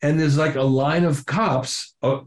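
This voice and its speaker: A man's voice: a little high, steady tone, a little slow. An older man, a drummer being interviewed, telling a story with lots of acted-out quotes and casual swearing. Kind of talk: animated anecdote telling.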